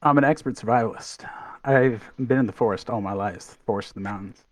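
A man's voice: fairly low pitch, fast, no room sound, natural voice. A man role-playing a proud wandering survivalist in a formal, earnest manner, in a tabletop game. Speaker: player. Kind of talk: in-character tabletop role-play.

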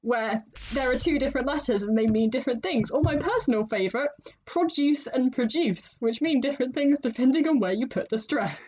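A woman's voice: high-pitched, animated, fairly quick, a little mellow, a little hiss or hum, rough recording. A woman hosting a writing podcast in casual chat, chatty and laughing often. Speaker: podcast host.

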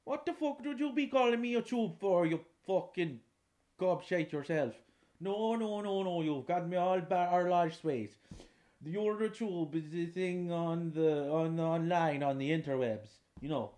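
Guy doing a high old northern irish farmer, rambly and sweary, loud. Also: unhurried. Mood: bemused. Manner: rambling, crude, bewildered. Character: old rural Irish farmer baffled by the internet. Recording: roomy echoing room.

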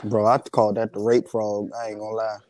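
Mellow laid-back man on a podcast. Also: on the low side, completely flat delivery, fairly quick, dry recording. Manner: laid-back, teasing, slangy. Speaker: podcast co-host. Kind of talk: casual podcast chat.

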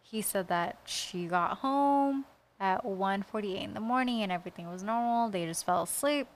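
A woman co-hosting a casual true-crime podcast, blunt and quick to swear. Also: medium pitch. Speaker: podcast co-host.

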